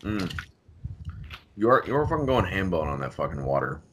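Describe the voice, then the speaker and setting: A man's voice: sits low, very animated, normal speed, a bit bright, slightly rough. A man co-hosting a casual podcast, joking crudely with lots of swearing. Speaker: podcast co-host. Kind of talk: casual chat.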